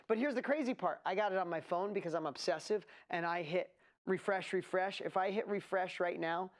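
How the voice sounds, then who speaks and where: A woman hosting a live online event, talking in an excitable, rambling way as she builds hype. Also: mid-range voice. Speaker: event host. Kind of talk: energetic live webinar presentation.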